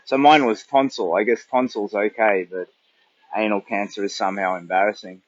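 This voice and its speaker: A man's voice: fairly low pitch, fairly even intonation, moderate pace, dull audio, a little hiss or hum. An older man with an Australian accent, chatting in a rambling, casual way on a livestream during a long charity walk. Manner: rambling, chatty, thinks aloud.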